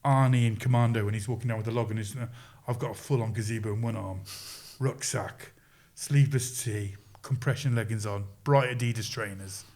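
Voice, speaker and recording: Man telling a lively story. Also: medium pitch, brisk, hardly any pauses. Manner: animated, with quoted voices and laughs. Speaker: podcast guest. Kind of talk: casual storytelling.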